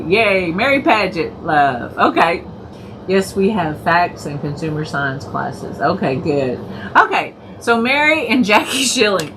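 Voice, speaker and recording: A woman's voice: lowish voice, a bit bright, slight background noise. Giggly woman hosting a craft stream. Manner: giggly, laughing through her words, chatting to viewers by name. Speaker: crafting livestream host. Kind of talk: casual live crafting chat.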